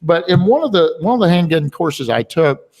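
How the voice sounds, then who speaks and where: A man's voice: fairly high pitch, expressive, moderate pace, darkish tone. A man hosting a webinar in a rambling, chatty way, full of filler words. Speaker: webinar host. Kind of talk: casual webinar talk. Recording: long hall reverb.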